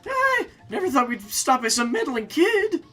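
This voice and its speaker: A man voicing a whiny, excitable male villain henchman during a live game playthrough. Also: extremely high pitch, normal speed, faint music behind, voice pushed up, full character voice. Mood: panicked.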